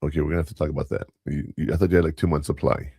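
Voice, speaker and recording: A man's voice: very deep voice, steady tone, rapid-fire, vocal fry, dark tone, slightly rough, no echo, studio quality. A man hosting a casual talk show, blunt and lecturing in a plain-spoken way. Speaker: podcast host.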